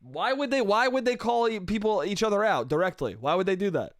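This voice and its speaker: A man's voice: high-pitched, lively intonation, a little fast, no echo, clean studio sound. A man hosting a solo comedy podcast, rambling in a loose, profane, self-amused way with lots of restarts. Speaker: podcast host.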